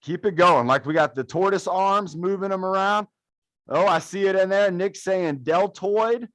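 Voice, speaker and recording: A man's voice: sits high, moderate pace, a bit bright, no room sound. A young man coaching a live adaptive fitness class, counting reps and cheering people on in an upbeat, playful way. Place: fitness studio.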